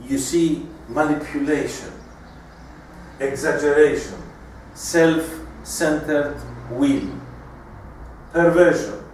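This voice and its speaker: Slow-spoken male lecturer in an echoey room. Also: on the high side, a little mellow, a little hiss or hum. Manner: deliberate, with frequent restarts and fillers. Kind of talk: recorded lecture. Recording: echoey room, mic far off.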